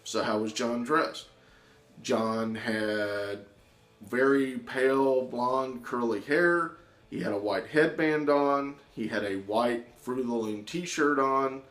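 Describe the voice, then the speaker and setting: A man telling a personal story in an animated way, acting out the voices of the people in it. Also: medium pitch, slow, soft background music. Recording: echoey room.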